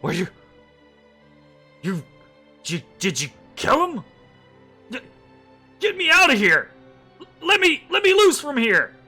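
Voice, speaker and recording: A man voicing a lean, frantic male goblin prisoner who begs loudly to be set free. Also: very high-pitched, wildly swooping pitch, normal speed, slightly rough, faint music behind, voice pushed up, heavily acted. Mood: frantic, pleading. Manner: panicked, shouting, pleading to be freed.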